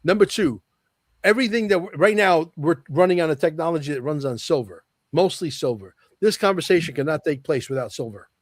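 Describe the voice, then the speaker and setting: A man's voice: on the high side, expressive, a little fast, no room sound. A man as a podcast guest, talking emphatically and repeating key lines for effect. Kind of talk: podcast interview talk.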